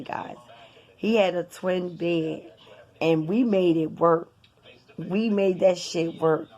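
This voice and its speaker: A woman at an ordinary middle pitch, chatting straight to her viewers in a loose storytime. She swears freely and circles back over the same phrases for emphasis. Her delivery stays animated and casual throughout. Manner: animated, profane, addresses viewers directly with lots of repetition. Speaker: vlogger telling a personal story.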